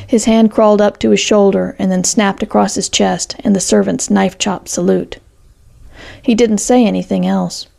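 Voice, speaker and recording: Woman, story narrator, steady measured reading, heavily gravelly voice, mellow dark tone. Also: mid-range voice.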